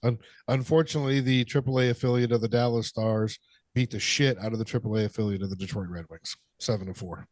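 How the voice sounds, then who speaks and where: A man co-hosting a casual podcast, talking in a relaxed way and swearing freely. His voice is close and dry, with hardly any room sound. He agrees often and goes off on easy tangents. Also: on the low side, fast, no echo. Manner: laid-back, swearing, agreeable. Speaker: podcast co-host. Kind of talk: casual chat.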